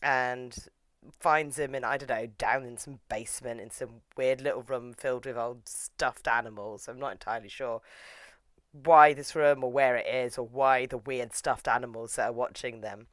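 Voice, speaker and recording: A woman reviewer recapping in a relaxed, chatty way, with sarcastic asides and lively swings in pitch. Her voice is recorded close and dry. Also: normal speed, no echo. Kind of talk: casual recap commentary.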